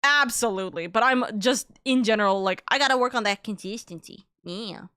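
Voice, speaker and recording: A woman's voice: on the high side, fairly quick, bright, forceful tone, clear, resonant tone, no room sound, clean studio sound. A young adult woman hosting a live stream, chatting casually in a rambling way, with lots of filler and cursing. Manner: rambling, swears freely, many "like"s. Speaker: streamer host.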